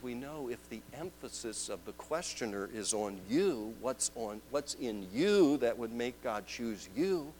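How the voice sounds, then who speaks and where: A man preaching a sermon, moving between loud proclaiming and hushed, drawn-out questions. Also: mid-range voice, animated, a little hiss or hum, low-quality recording.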